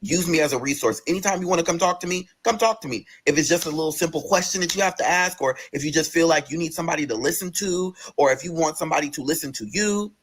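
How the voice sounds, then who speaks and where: A man voicing a calm, soothing male hospital psychiatrist who speaks slowly and gently in a storytime. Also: on the high side, breathy edge.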